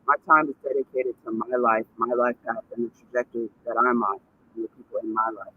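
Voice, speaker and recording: A man's voice: medium pitch, steady tone, fairly quick, phone-quality sound, slight background noise. A man ranting on a vlog, cursing and repeating himself in indignant bursts. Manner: profane, indignant, repetitive ranting. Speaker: vlogger.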